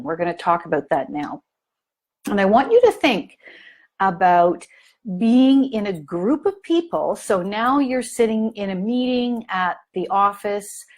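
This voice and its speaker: Slow-talking woman leading a parent training. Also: medium pitch, darkish tone. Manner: storytelling, asks the audience questions, many fillers. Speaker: family consultant giving a training. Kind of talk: live online training talk.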